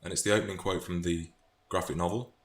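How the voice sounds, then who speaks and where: A man's voice: low-pitched, steady tone, fast talker. A British man chatting about favourite book quotes in a thoughtful, casual way, often restarting phrases. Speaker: book vlogger. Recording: echoey room, faint noise.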